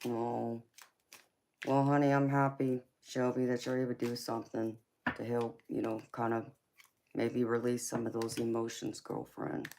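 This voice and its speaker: A woman's voice: a bass voice, a little mellow, slight background noise. A woman, tired from little sleep, hosting a tarot livestream and talking affectionately with viewers, calling them honey and girlfriend. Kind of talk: casual livestream chat.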